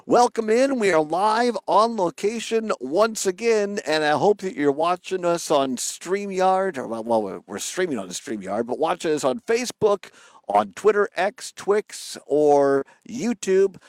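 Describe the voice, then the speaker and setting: A man's voice: high-pitched, expressive, unhurried, no echo. A man hosting a live radio talk show from outdoors, chatty and rambling. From Wisconsin. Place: outdoors on a riverbank.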